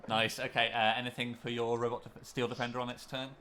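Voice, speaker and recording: A man's voice: medium pitch, little pitch movement, fast, sharp tone, a little hiss or hum. A man narrating as game master of a tabletop game, describing scenes in a hesitant way with many ums and restarts.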